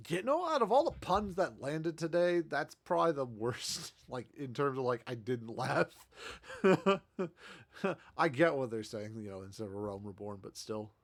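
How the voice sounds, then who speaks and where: A man with a medium-pitched, creaky voice streams a game at a moderate pace, sounding animated. His commentary is casual and chatty, and he laughs a lot while poking fun at himself.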